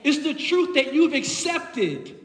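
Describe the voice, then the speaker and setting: High-voiced impassioned male preacher, echoey hall. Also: big pitch swings, slow. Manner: impassioned, builds with repeated phrases. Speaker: pastor. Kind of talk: sermon.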